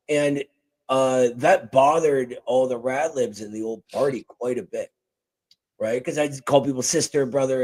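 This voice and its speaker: A man hosting a casual political talk show at his desk, animated and joking, speaking into a boom-arm microphone. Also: husky, poor audio. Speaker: show host. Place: home desk. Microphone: boom-arm desk mic.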